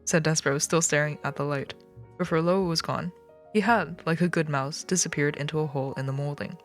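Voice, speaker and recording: Woman streamer reading a kids book out loud, cracks jokes and swears, lowish voice, faint music behind. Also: fairly even intonation, fairly quick. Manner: joking asides, laughs, swears casually. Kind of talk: reading a children's book aloud on a live stream.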